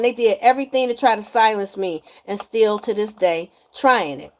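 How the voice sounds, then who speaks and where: A woman giving a casual spiritual energy reading to viewers, animated and emphatic, often repeating her lines and slipping into slang. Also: mid-range voice, normal speed, few pauses. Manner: animated, breaks into singing, emphatic and preachy.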